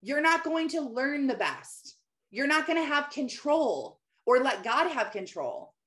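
With a high-pitched, fairly bright voice that swings widely in pitch, this woman speaks a little slowly. In her thirties, she hosts a live Christian mentoring session, addressing viewers by name, laughing often, and encouraging them casually in their faith.

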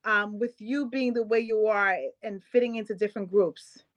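A woman's voice: mid-range voice, fairly even intonation, moderate pace, dull audio. A young adult woman hosting a podcast interview, cheerful and upbeat, laughing easily. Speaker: podcast host.

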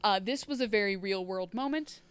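A woman's voice: mid-range voice, a little fast, smooth, no echo. A woman co-hosting a podcast and recapping a TV episode in casual chat. She rambles, interrupts herself, and sounds wry and emotional.

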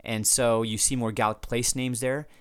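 Male podcast host, unscripted and digressive, smooth dry voice, mid pitch. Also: level tone, moderate pace, dry recording. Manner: rambling, off-the-cuff, frequent restarts and asides. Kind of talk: unscripted podcast talk answering listener feedback.

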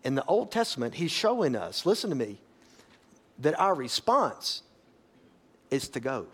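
A pastor preaching a sermon, emphatic and folksy, rising to loud exhortation and dropping to quiet asides. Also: male voice, mid-range voice, very animated, measured pace, breathy edge.

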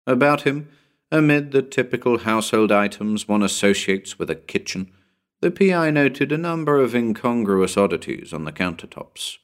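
A man's voice: mid-range voice, animated, moderate pace. A man narrating a spooky story as an audiobook, building suspense in a dramatic storytelling manner.

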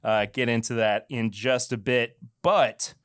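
A man's voice: medium pitch, steady tone, measured pace, fairly bright tone, clear, resonant tone, no room sound. A man hosts a casual podcast in an easy, jokey way, laughing often as he runs through the usual reads. His voice sits in a middle range. The sound is close and dry, with no room around it. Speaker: podcast host.

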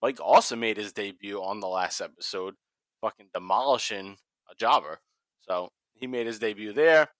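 A man's voice: lowish voice, normal speed, fairly bright tone, no room sound. A man from Massachusetts with a Boston accent, hosting a casual wrestling podcast, swearing freely and laughing often. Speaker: podcast host.

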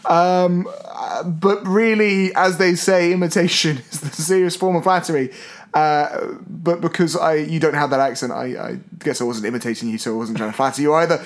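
A British man with a notably high voice, co-hosting a podcast. He rambles through mock-serious apologies and jokes in easy, casual chat. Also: steady tone, normal speed. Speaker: podcast co-host.

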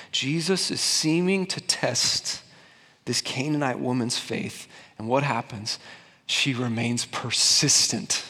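A young adult pastor with a fairly high, fairly bright voice preaches to a congregation in a church sanctuary. His sermon is conversational and emphatic, and he asks them questions, with a big-room sound to the recording.

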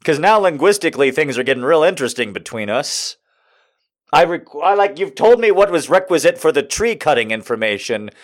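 A man's voice: fairly high pitch, very animated, brisk. A man doing stand-up, telling a story with profanity and exasperation and acting out the people in it. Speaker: stand-up comedian.

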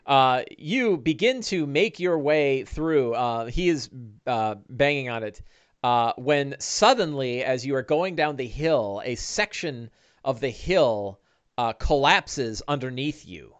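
A man running a tabletop game as its game master, his pitch swinging in a lively, animated way. He narrates with frequent fillers and restarts, recorded dry and close to the mic. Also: slow, clear, resonant tone, dry recording.

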